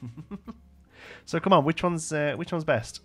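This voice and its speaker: A man's voice: fairly high pitch, expressive, a little slow, faint music behind. A young man live-streaming a building game, thinking aloud and chatting with viewers between frequent fillers. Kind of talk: casual live-stream commentary.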